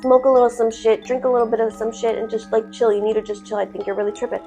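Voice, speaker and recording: Woman doing a caring bakery owner, softer and quieter, coaxing, swears. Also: fairly high pitch, flat delivery, fast, soft background music, natural voice. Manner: coaxing, profane.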